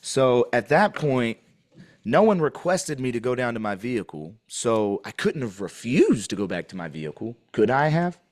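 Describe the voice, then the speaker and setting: A man's voice: medium pitch, very animated, normal speed, darkish tone. A man questioning an officer in a deposition, pointed and pressing, repeating his questions.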